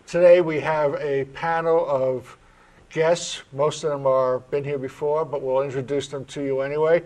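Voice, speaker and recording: A man's voice: a little high, fairly even intonation, normal speed, darkish tone. A man with a New York accent who hosts a spiritual talk show, chatting with his panel in a friendly, earnest way. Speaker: host.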